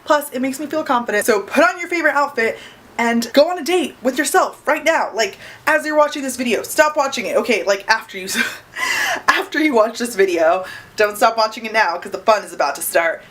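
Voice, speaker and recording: A woman's voice: fairly high pitch, lively intonation, a little fast, a bit bright, rough recording. A young adult woman talking casually to camera in a bubbly, upbeat, chatty vlog. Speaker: vlogger.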